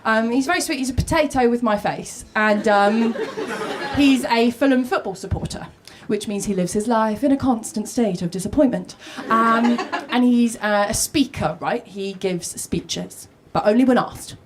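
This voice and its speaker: A woman's voice: a little high, normal speed. A woman doing a rambling, self-deprecating stand-up set on a comedy club stage, recorded live. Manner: rambling, self-deprecating, with many ums and asides. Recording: live club recording with loud crowd and noise.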